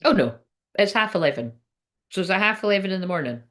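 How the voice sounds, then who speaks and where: A woman's voice: medium pitch, expressive, fast talker, a bit bright. A woman working as a psychic medium, giving a live-streamed spiritual reading in a chatty, rambling, sweary way while hiccuping now and then.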